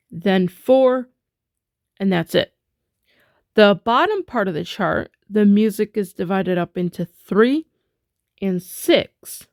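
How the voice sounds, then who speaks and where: A woman's voice: mid-range voice, darkish tone, no room sound, studio quality. A woman teaching a music rhythm lesson in a chatty way, full of fillers, chanting rhythm syllables as she taps.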